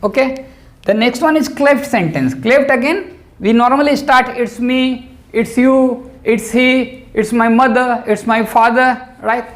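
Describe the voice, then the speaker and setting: A man's voice: extremely high pitch, a little slow. A man teaching English grammar, patiently explaining and repeating example sentences and checking in with "right?".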